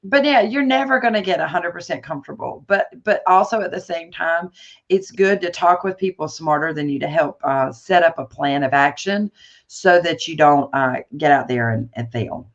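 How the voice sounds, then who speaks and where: Animated woman telling her story. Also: low voice, normal speed, highs cut off. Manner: animated storytelling, many fillers and restarts. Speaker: guest entrepreneur. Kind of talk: conversational interview.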